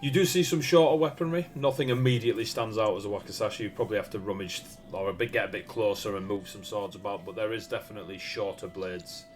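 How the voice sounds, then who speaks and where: A man's voice: lowish voice, steady tone, fast, hardly any pauses, a little hiss or hum. A man narrating as game master in a casual, rambling way with laughing asides.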